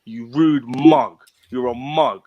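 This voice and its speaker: A man's voice: medium pitch, slow pace, lo-fi sound. Blunt scolding man. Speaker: panel guest.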